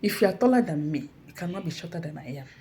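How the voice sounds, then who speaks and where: A woman's voice: lowish voice, quick pace, slight background noise. A woman with a Nigerian accent gives a motivational talk about faith and callings. She speaks directly to her listeners in an encouraging, earnest way, as if addressing a church or online audience. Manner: animated storytelling, acts out her colleagues loudly. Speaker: inspirational speaker. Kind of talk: motivational talk with personal story.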